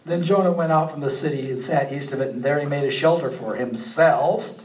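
A man preaching a sermon, animated, rising to emphatic peaks and then dropping low and quiet. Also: fairly quick, echoey room, far from the mic, a little hiss or hum, poor audio. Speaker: pastor.

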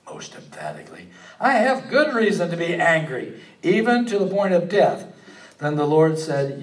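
A man preaching a sermon, animated, rising to emphatic peaks and then dropping low and quiet. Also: reverberant, distant mic, poor audio. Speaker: pastor.

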